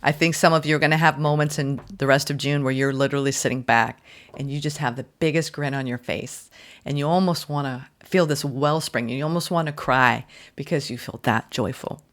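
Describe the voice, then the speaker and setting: A woman's voice: extremely low pitch, fairly even intonation, fairly quick. A woman giving a casual tarot reading. She is emotional and effusive, exclaiming and repeating phrases as she reads card text aloud. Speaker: tarot reader.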